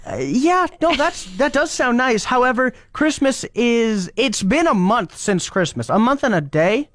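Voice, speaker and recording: A man's voice: extremely high pitch, animated, unhurried, fairly bright tone, dry recording. Teasing man on morning radio. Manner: teasing, dry ribbing. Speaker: radio morning show co-host. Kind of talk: casual on-air banter.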